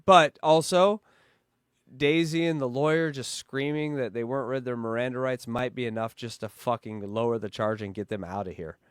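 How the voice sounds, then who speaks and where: A man's voice: mid-range voice, steady tone, moderate pace, clear, resonant tone, dry recording, clean studio sound. A man hosting a casual comedic podcast, bantering with laughs and swearing. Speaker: podcast host.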